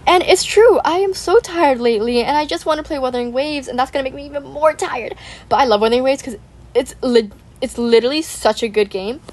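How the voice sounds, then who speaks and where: A woman's voice: high voice, a little fast, darkish tone. A young woman hosting a gaming channel, rambling in casual chat, saying "like" constantly, giggling and apologizing.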